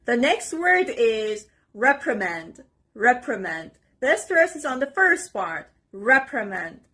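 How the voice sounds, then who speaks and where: A woman teaching English vocabulary, pronouncing each word slowly and deliberately. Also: fairly high pitch, very animated, sharp tone. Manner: slow, deliberate word-by-word pronunciation drills. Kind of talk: vocabulary lesson.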